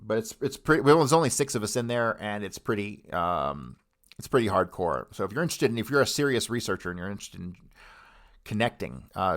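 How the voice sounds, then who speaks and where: A male podcast host winds down an episode, talking casually to his listeners. His voice is low and his manner relaxed and informal. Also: creaky. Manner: relaxed, addresses listeners as guys.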